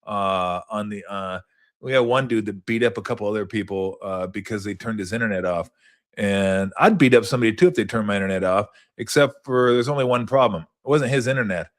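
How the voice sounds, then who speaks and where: A middle-aged man hosting a sports talk show, rambling casually and cursing, sometimes acting out people in high mocking voices. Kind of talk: casual solo rambling recap.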